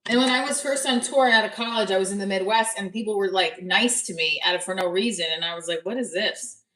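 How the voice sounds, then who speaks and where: A woman's voice: medium pitch, fast, a bit bright, reverberant, poor audio. A woman comedian with a New Jersey accent, chatting casually on a live stream, blunt and profane, reading viewer comments aloud.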